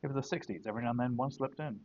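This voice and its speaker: A man's voice: medium pitch, very fast, a little mellow. A man co-hosting a casual podcast tasting, who makes wry, dry jokes. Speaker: podcast co-host. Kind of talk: casual chat. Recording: dry, dull lo-fi audio.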